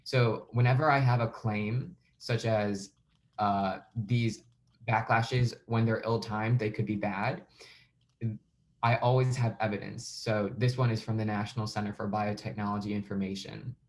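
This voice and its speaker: A man coaching students through a sample speech, explaining things in a relaxed, conversational way with frequent filler words. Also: lowish voice, a little slow. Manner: relaxed, conversational, uses "like" and "um" often. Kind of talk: instructional walkthrough of a sample speech.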